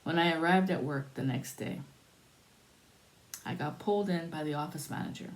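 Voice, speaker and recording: A woman telling a spiritual story in a soothing, drawn-out way, pausing between phrases. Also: deep voice.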